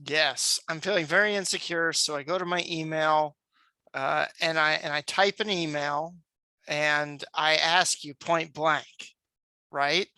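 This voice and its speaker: A man's voice: fairly high pitch, fairly even intonation, measured pace, sharp tone, no room sound. A man co-hosting a podcast, tentatively asking questions to check his understanding. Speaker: podcast co-host. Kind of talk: casual discussion.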